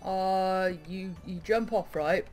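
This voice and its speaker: A woman's voice: medium pitch, steady tone, takes it slowly, darkish tone, faint music behind. A young woman hosting a gaming video, upbeat and cheering her partner on. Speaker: channel host and gamer. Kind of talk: casual gaming chat.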